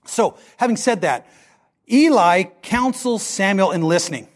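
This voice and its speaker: A man preaching a sermon, animated and acting out the voices he quotes. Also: high-pitched, unhurried. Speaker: pastor.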